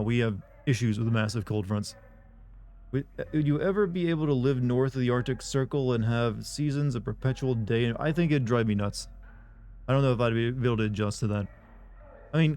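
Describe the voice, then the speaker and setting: A man's voice: mid-range voice, darkish tone. Offhand man chatting on a game stream. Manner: rambling and offhand, with frequent swearing and restarts. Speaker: live streamer. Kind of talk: casual chat with viewers while streaming a game.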